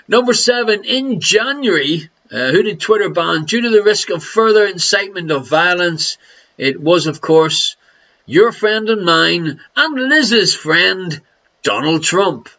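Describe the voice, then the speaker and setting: A man's voice: high voice, expressive, slow, sharp tone, dull audio. A man with an Irish accent hosting a live online quiz, jokey and teasing, laughing between questions. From Ireland. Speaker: quiz host.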